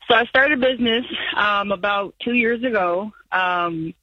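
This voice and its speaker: A woman's voice: medium pitch, moderate pace, slightly rough, no echo. A woman calling in to an advice show, anxious and rambling, laughing nervously as she lists her numbers. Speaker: caller. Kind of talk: phone-in call. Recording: muffled phone line.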